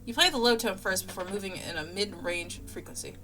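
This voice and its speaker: A woman streamer narrating a game and reacting in a loud, playful way. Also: mid-range voice, brisk, soft background music, low-quality recording.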